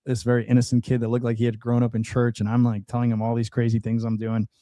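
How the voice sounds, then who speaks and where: A man sharing a personal testimony as a podcast guest, his voice mellow and unhurried. He talks earnestly, doubling back and restarting as he goes. The close microphone leaves the sound dry, with no room around it. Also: mid-range voice, completely flat delivery, no echo. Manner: earnest storytelling with many restarts and fillers.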